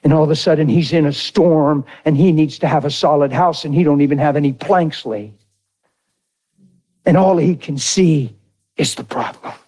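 A middle-aged man preaching a sermon through an animated, folksy personal story. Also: on the high side, moderate pace. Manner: animated, folksy, drawls into dramatic retellings.

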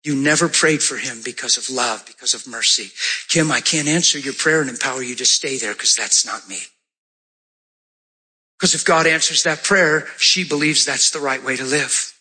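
A man preaching a sermon, telling a story with lively, animated delivery and jumping into high-pitched voices for the people in it. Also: moderate pace, husky. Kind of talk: sermon with testimony.

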